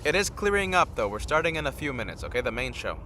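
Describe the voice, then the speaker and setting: Tired, rambling man with a bright voice. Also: mid-range voice, very animated, quick pace, slight background noise. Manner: rambling, chats directly with viewers. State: tired from little sleep. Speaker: live-stream host. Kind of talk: casual live-stream chat.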